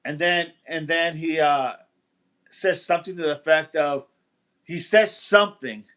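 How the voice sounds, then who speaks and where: A man's voice: fairly high pitch, measured pace, fairly bright tone. A man hosting a casual livestream who rambles, repeats himself and greets viewers from the chat. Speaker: livestream host. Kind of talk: casual live-stream talk, reading chat.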